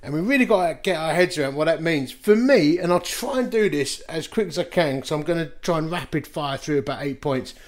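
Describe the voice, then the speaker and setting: A man in his fifties preaching a quick-fire sermon as a pastor, telling self-deprecating stories and chuckling along the way. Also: a little high, expressive.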